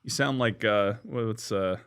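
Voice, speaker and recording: A man's voice: on the low side, a little slow, a bit bright. A man co-hosting a podcast in casual chat, easygoing, often laughing, with hedging restarts. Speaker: podcast co-host.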